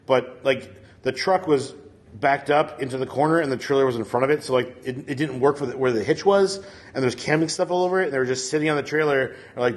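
A man telling a long story in casual chat, rambling with lots of fillers and laughing as he goes. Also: medium pitch.

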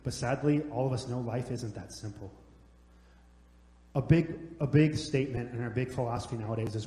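A man's voice: mid-range voice, moderate pace, mellow. Casting: young male pastor, joking storyteller, big church reverb. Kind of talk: sermon. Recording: echoey hall, long reverb.

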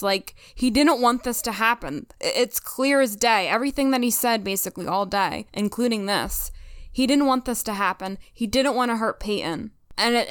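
A woman co-hosting a casual chat podcast, talking through an episode with earnest feeling. Her voice is smooth and resonant, and the sound is dry and close, with no room around it. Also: fairly high pitch, no echo. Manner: earnest, emotional, retells scenes with quoted lines. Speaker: podcast co-host.

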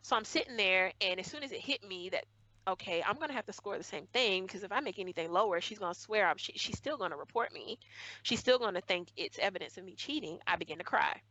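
A woman's voice: mid-range voice, animated, quick pace, sharp tone, dry recording, poor audio. A young woman guest in a conversation, earnestly retelling a hurtful school memory, often acting out what was said. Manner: earnest, emotional retelling with acted quotes. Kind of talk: personal storytelling in conversation.

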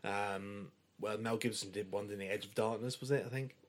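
A man's voice: fairly low pitch, steady tone, moderate pace. A man, co-hosting a podcast and talking through a film in an enthusiastic, chatty way with casual swearing. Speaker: podcast co-host.

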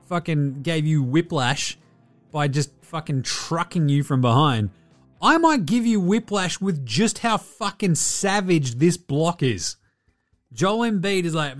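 A man hosting a casual sports talk show, swearing freely and talking in a loose, animated way. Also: fairly high pitch. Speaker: podcast host.

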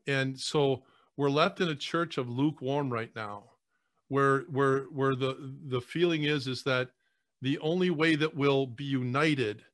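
A man's voice: mid-range voice, a bit bright, no room sound. Earnest male priest on a podcast, stumbling over his words when moved, dry close sound. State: choking back tears. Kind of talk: emotional podcast conversation.

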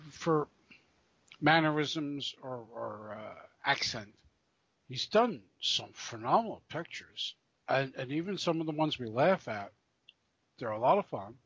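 A man co-hosting a podcast, talking about old films in a halting way, often repeating words and restarting sentences. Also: medium pitch, animated, fairly bright tone, husky, no room sound. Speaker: podcast co-host. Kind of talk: casual chat. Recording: dull lo-fi podcast audio.

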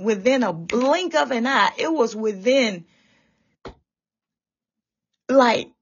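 A woman's voice: a little high, breathy edge. A woman giving a fervent, tearful religious testimony about a dream, repeating herself as she talks. The recording sounds dull and lo-fi. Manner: fervent, repetitive, often tearful. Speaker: testifying believer.

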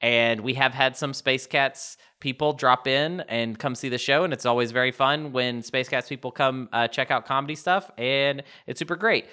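Young comedian guy rambling along, self-deprecating, lots of ums, bright clear voice. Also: medium pitch, moderate pace, hardly any pauses. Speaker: stand-up comedian, podcast guest. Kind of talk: casual chat.

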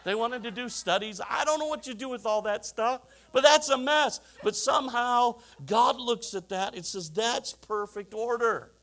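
A man's voice: extremely high pitch, normal speed, hardly any pauses, a bit bright. A middle-aged man preaching a sermon, telling stories with chuckling asides and rhetorical questions to the congregation. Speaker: pastor.

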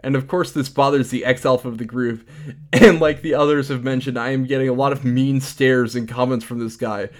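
A man's voice: mid-range voice, steady tone, a little fast. A man co-hosting a comedy podcast, reading forum posts aloud and joking, laughing often. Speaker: podcast co-host.

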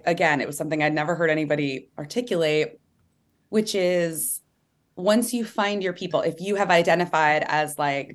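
A woman author being interviewed, talking earnestly and animatedly and acting out quotes in lively voices. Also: low voice, normal speed. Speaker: author and guest. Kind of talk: candid interview conversation.

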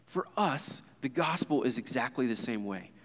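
A man's voice: mid-range voice, expressive, moderate pace, a bit bright. A man in his thirties preaching a sermon as pastor, earnest and conversational, with asides to the congregation. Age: 30s. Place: church sanctuary. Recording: long reverb of a church hall.

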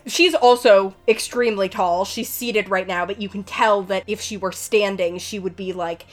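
A woman's voice: mid-range voice, steady tone, moderate pace. Casual woman game master. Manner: casual, filler-heavy narration. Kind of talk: narrating a tabletop game.

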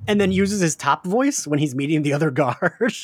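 A man with a touch of a Philadelphia accent chats on a podcast, animated, quick to laugh and to swear. His voice sits a little high for a man. The sound is close and dry, with no room to it. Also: breathy edge, no room sound. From Philadelphia area, US. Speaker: podcast co-host. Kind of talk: casual chat, recapping a show.

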